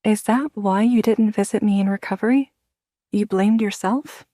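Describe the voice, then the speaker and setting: Played by a woman narrator, a guarded young woman who answers with sarcasm and pointed questions. Her voice rises higher and sharper than the narration, recorded close and dry. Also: moderate pace, warm tone, dry recording, lightly acted. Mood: wary, sarcastic.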